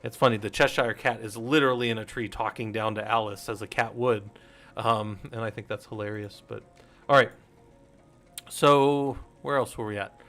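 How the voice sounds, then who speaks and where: A man's voice: lowish voice, fairly even intonation, moderate pace, a bit bright. A middle-aged man hosting a casual teaching stream, rambling and interrupting himself, laughing at his own jokes. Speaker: host.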